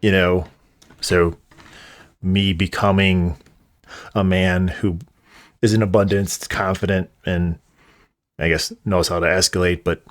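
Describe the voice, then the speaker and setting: A man's voice: sits low, slow, long pauses. A man hosting a podcast, speaking casually and hedging with fillers. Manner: relaxed, hedging with "kinda" and "you know". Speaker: podcast host. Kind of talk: casual conversational.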